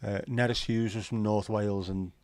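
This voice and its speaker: A man's voice: lowish voice, steady tone, moderate pace, a little mellow, dry recording. Crude, bantering man hosting a livestream. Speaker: livestream host. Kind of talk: casual chat reading viewer comments.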